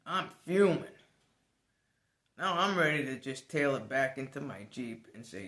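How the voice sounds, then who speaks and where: A man telling a personal story to the camera in a casual vlog, animated and swearing now and then. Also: mid-range voice, unhurried, reverberant. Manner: animated, swears, laughs as he tells it. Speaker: vlogger.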